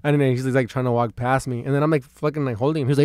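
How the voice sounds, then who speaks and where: A man's voice: mid-range voice, fast talker, dry recording. A young man hosting a podcast in casual chat, telling stories animatedly, swearing a lot and acting out what people said. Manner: animated storyteller, swears a lot, acts out quotes. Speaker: podcast host.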